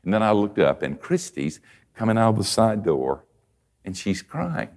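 An older man preaching a conversational sermon, telling folksy stories and swinging from soft asides to emphatic points. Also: on the low side, big pitch swings, normal speed.

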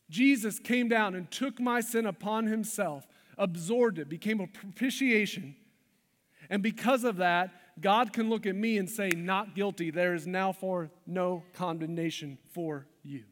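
Male pastor, high-pitched, emphatic sermon delivery in a church hall with long reverb. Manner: emphatic, shifts between loud stresses and hushed lines.

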